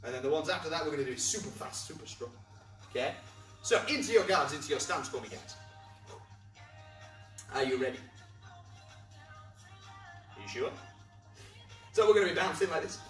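An upbeat male martial arts instructor leads a children's class, his high voice swinging up and down as he encourages and explains each move. He demonstrates as he talks, standing back from the microphone in an echoey room with faint music underneath. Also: lively intonation, moderate pace, long pauses, fairly bright tone, recorded from a distance. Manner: demonstrates moves while talking. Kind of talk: teaching a kids' martial arts class to camera.

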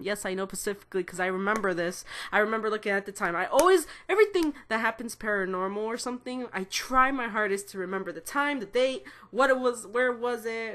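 A woman's voice: mid-range voice, a bit bright. Young woman rambling on camera, swears a lot, keeps correcting herself, laughs here and there. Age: 20s. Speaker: vlogger. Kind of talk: casual storytelling.

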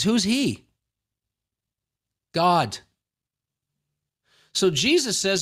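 Joking, higher-pitched male preacher. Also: very animated, slow pace, long pauses. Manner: folksy, joking preacher who acts out street conversations. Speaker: pastor. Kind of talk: sermon.

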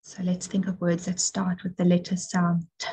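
A woman teacher giving an early literacy lesson to young children, speaking clearly and encouragingly with call-and-response prompts. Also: fairly low pitch, monotone, moderate pace, warm tone, poor audio.

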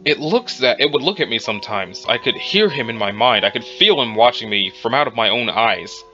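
A man playing a calm male witness quietly recounting his dealings with a monster in a measured voice. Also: mid-range voice, muffled recording, soft background music.

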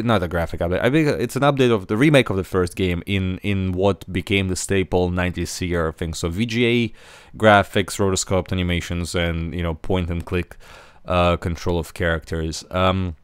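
A man's voice: low voice, clean tone, no echo. A man hosting a casual podcast discussion, talking with many fillers and restarts. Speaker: podcast host.

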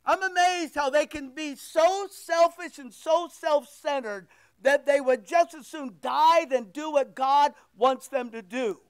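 High-voiced preacher. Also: male voice. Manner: emphatic, rhetorical preaching with repeated phrases. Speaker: pastor. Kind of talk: sermon.

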